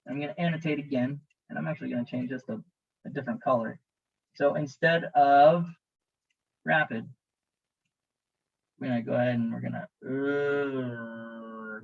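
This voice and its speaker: Guy teaching emt stuff over slides, jokey and chatty, slightly high voice, muffled lo-fi sound. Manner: jokey, conversational, talks to students directly. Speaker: EMT instructor. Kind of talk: narrated slideshow lecture.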